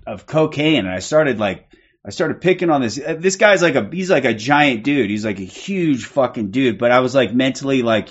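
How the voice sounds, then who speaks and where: A man livestreaming, telling a rambling story to his chat, swearing a lot and laughing often. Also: medium pitch. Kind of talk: casual storytelling to a live chat. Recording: dull lo-fi stream audio with faint crowd.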